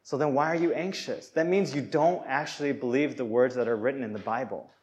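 A man's voice: medium pitch, fairly quick, a little mellow. A young adult man preaching a sermon in a casual, conversational way, with fillers and restarts, acting out quoted voices. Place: Hong Kong.

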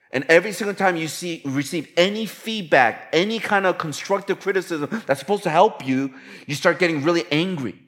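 A man preaching a sermon in a conversational, relatable way, often acting out quoted lines. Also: fairly high pitch. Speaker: pastor.

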